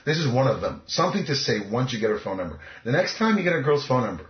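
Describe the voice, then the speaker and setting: A man's voice: medium pitch, very animated, fast talker. A man talking as a dating coach in an interview, cocky and emphatic. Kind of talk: casual interview talk. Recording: echoey, muffled lo-fi recording.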